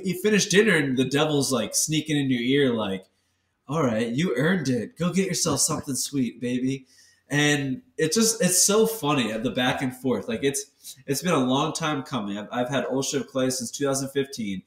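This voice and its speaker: A man's voice: medium pitch, echoey room, recorded from a distance. A man co-hosting a casual podcast chat, talking candidly and animatedly, swearing freely and acting out the voices in his head. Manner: candid, profane, animated storytelling. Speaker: podcast co-host.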